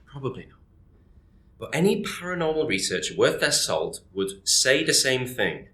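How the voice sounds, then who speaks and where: Performer acting dismissive rational colleague, stammers, lively intonation, echoey room. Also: mid-range voice, moderate pace. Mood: skeptical. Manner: skeptical, reasoning, stammering. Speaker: library colleague.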